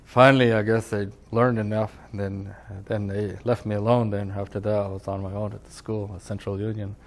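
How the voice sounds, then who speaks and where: A man's voice: on the low side, little pitch movement, a little fast. An older man from California, a tribal elder, telling his life story in a rambling oral-history interview, often saying "you know". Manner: rambling, leans on "you know", acts out quoted voices.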